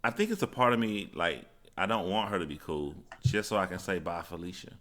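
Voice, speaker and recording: A man co-hosting a casual live stream, joking about online trolls in an animated way. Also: lowish voice, fairly quick. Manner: joking, animated, swings into loud silly voices.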